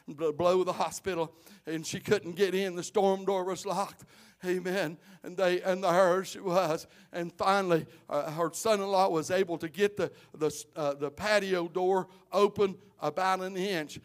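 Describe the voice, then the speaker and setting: A male pastor, preaching a sermon that swells from quiet storytelling into loud, shouted exhortation. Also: sits high.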